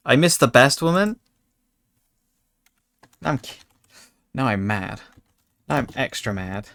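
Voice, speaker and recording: A man's voice: medium pitch, animated, slow, gravelly, long pauses, a bit bright. A man streaming a card game, chatting casually with his chat and joking in mock anger. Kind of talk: casual gaming commentary.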